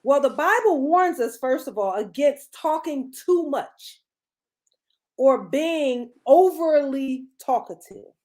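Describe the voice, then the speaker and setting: A woman's voice: high-pitched, expressive, takes it slowly, darkish tone. A middle-aged woman, giving a motivational talk as a podcast co-host, emphatic and preachy, repeating phrases for effect.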